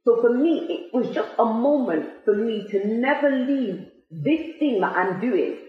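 A woman's voice: on the high side, lively intonation, unhurried. A woman giving a motivational talk to her listeners, emphatic and full of rhetorical questions. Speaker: motivational speaker. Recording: very echoey, tinny phone-like sound.

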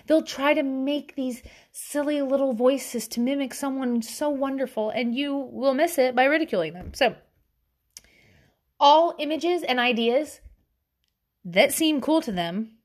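Woman, Southern US accent, thirties, fairly high voice, rambling casual chat, laughs a lot. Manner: chatty and rambling, laughs often, lots of filler words.

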